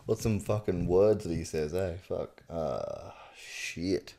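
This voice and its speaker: A man's voice: low-pitched, slow, gravelly, mellow, no echo. A man rambling and swearing to himself in a casual practice session at home, right up on a close microphone. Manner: rambling, swearing self-talk. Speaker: impressionist youtuber. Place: room at home.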